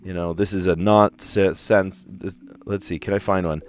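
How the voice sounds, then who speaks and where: A man's voice: low voice, steady tone, moderate pace. A man, a teacher, hosting a casual puzzle livestream, thinking aloud with chatty, self-amused asides.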